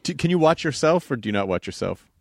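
A man's voice: mid-range voice, very animated, fast, gravelly, no echo, clean studio sound. A man interviewing a guest in casual chat, with short reactive questions and prompts.

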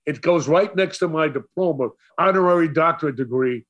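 An older man from Brooklyn with a New York accent, telling stories as an interview guest in a theatrical, animated way. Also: on the high side, fairly quick, lo-fi sound. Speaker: radio DJ guest. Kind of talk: storytelling interview.

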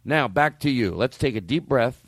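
Comedy podcast host, male, lively sliding pitch, rambling storyteller who laughs and swears through his bits, dry studio mic. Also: moderate pace, dry recording. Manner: animated, laughs and swears often, acts out bits.

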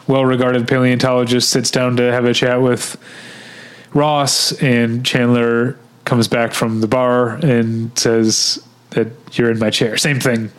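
A man's voice: medium pitch, little pitch movement, slow pace. A man co-hosting a casual chat podcast, who laughs often and quotes scenes in put-on voices. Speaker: podcast co-host.

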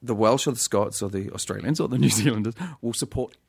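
A man's voice: lowish voice, fast talker, vocal fry, darkish tone, slightly rough, dry recording, studio quality. A man with an English accent, an actor telling funny anecdotes in casual chat, full of restarts and laughter. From England.

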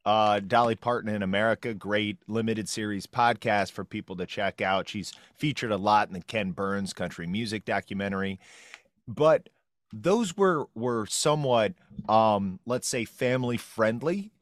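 Man, podcast co-host, casual chat, somewhat low pitch, dry close mic. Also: normal speed, no room sound.

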